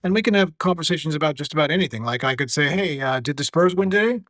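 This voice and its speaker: A man teaching a lesson about AI tools with a live demo, measured and earnest. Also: a little high, lively intonation, heavy background noise. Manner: measured, earnest, some fillers.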